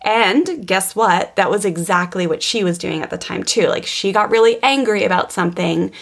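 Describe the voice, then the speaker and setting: Gravelly-voiced woman podcast host. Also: mid-range voice, normal speed. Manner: animated, self-correcting, quotes herself. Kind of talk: casual storytelling chat.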